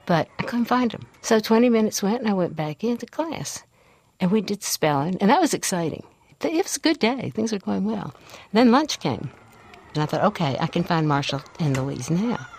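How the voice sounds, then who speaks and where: An older woman from the American South, telling a personal story in a reflective, unhurried way. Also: medium pitch, animated, darkish tone, husky, no echo.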